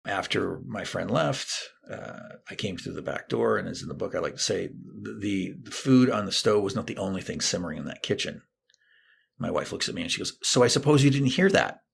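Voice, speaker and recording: A man's voice: low voice, a little fast, gravelly, slight background noise. A middle-aged man, a therapist and guest on a podcast, telling a personal story and acting out what people said. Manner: animated storytelling, acting out quoted lines.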